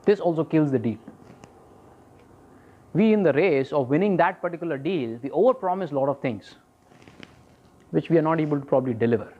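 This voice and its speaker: A man with an Indian accent, a sales trainer speaking to a live class. He is lively and teasing, asks "okay?" often and mixes Hindi into his English. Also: fairly high pitch. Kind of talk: live seminar talk to a class. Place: classroom with an audience. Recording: dull lo-fi sound.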